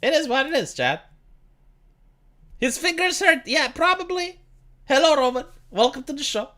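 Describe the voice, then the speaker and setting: A woman streamer talks in a bright, sharp voice whose pitch swings widely from high to low. She is sarcastic and swears freely, doubling up words as she hurries through her reaction commentary. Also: very animated, normal speed. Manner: profane, sarcastic, stammers with repeated words. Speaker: live streamer.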